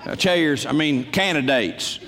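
A man's voice: on the high side, a little slow, pushed and bright. A man with a folksy, playful manner, telling stand-up stories from a church stage. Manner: folksy and playful, with stammered restarts. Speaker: Christian comedian. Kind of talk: storytelling stand-up. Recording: reverberant hall.

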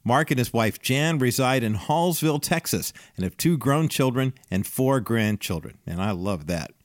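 A man hosting a radio program, reading a smooth scripted introduction. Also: medium pitch, expressive, moderate pace, no echo, studio quality.

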